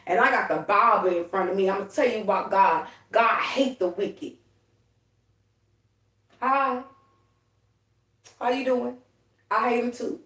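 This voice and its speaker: A woman's voice: a little high, measured pace, pauses often, fairly bright tone, far from the mic. A woman rants heatedly on a spiritual livestream, profane and preachy. Her voice sits a little back from the mic in an echoey room. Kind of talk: casual spiritual livestream talk.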